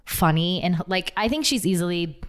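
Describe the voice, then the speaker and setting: A woman's voice: on the low side, expressive. A woman comedian, a guest on a podcast, chatting casually and laughing often. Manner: laughs often, quick back-and-forth. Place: home, calling in remotely.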